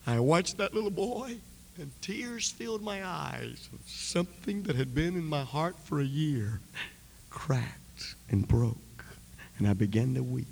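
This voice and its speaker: A man preaching a passionate sermon, telling a story with dramatic swings from shouting to hushed whispers. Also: fairly high pitch, expressive, unhurried, vocal fry. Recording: long hall reverb, faint background noise.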